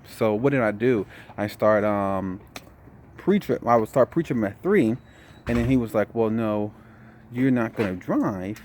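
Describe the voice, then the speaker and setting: Young male vlogger, tired, low voice, relaxed storytelling, faint noise floor. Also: unhurried. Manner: relaxed storytelling, says "man" a lot. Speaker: trucking vlogger. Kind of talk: casual vlog update.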